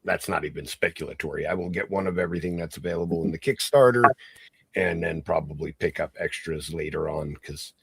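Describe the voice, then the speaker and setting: A man's voice: very deep voice, brisk, creaky, breathy edge, no echo. A man chatting casually as a guest, enthusiastic and thinking aloud. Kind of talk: casual chat.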